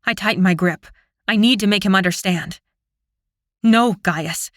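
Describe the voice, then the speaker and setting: A woman narrating a fantasy audiobook in the first person, with dramatic, expressive storytelling. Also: medium pitch, a little fast, no echo, clean studio sound.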